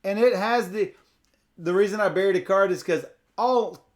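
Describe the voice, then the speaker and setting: A man's voice: high voice, moderate pace. A playful man co-hosting a tabletop card game playthrough, reading card text aloud and laughing often. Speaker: co-host teaching a card game.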